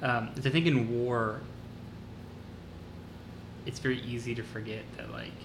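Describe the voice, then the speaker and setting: A man's voice: medium pitch, steady tone, unhurried, noisy background. A man co-hosting a podcast, chatting casually and reflectively, with many fillers. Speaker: podcast co-host.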